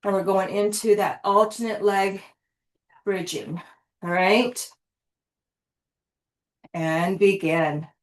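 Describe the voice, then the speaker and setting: A woman's voice: medium pitch, fairly even intonation, unhurried. A woman coaching a live workout, cueing exercises in an encouraging way and catching her breath between sets. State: winded. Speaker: fitness instructor.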